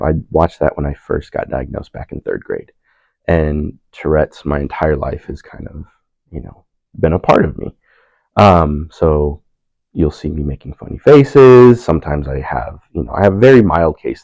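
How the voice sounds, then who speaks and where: A man's voice: rumbling low, vocal fry, a little mellow, no room sound, poor audio. A young man on a panel telling a personal story in a laid-back, self-mocking way, laughing often. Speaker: panel speaker.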